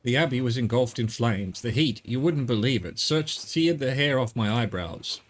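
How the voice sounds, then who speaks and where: A man's voice: medium pitch, animated, normal speed, lightly acted. A man voicing a grieving, devout old widowed father, reading game dialogue aloud in a subdued storytelling way. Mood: sorrowful. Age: older.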